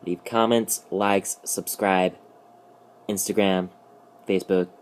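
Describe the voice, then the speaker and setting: A young man with a fairly low voice tells a story for his vlog. He rambles loosely and jokes as he goes, slipping in slangy asides. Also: fairly even intonation, slow, slight background noise. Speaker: vlogger. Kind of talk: casual comic storytelling.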